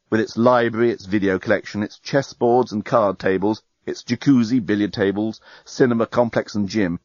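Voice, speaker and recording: A man narrating a story aloud in an expressive, lively reading. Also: mid-range voice, dry recording. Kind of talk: audiobook narration. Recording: dry, slightly muffled.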